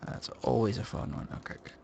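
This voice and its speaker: A man's voice: fast, warm tone, highs cut off. A man streaming a game live, chatting casually in a rambling, jokey way and swearing freely. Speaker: livestreamer.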